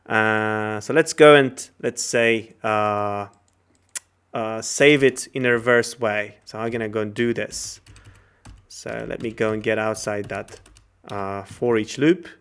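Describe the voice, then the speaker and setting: A man teaches a programming lecture as he codes live, talking his way through each step. His voice sits on the low side and comes across smooth and clear. He fills pauses with small hesitations and corrects himself as he goes, with keyboard typing heard behind him. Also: fairly even intonation, a bit bright. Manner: thinks aloud while typing code, many fillers and self-corrections.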